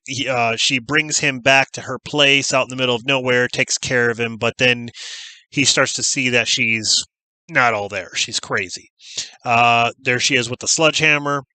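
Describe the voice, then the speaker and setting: A man's voice: mid-range voice, pushed and bright, no room sound, rough recording. A man chatting casually as a horror movie YouTuber, rambling enthusiastically with plenty of fillers. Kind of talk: casual chat.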